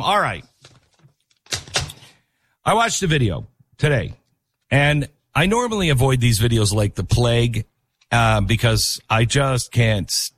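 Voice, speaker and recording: A man's voice: medium pitch, a bit bright. A man hosting a talk radio show, speaking in an emphatic monologue and repeating his points for emphasis.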